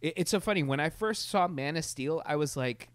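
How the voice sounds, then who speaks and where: A man in casual chat, animated and rambling, with many restarts and laughs. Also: a little high, brisk, clear, resonant tone, no echo.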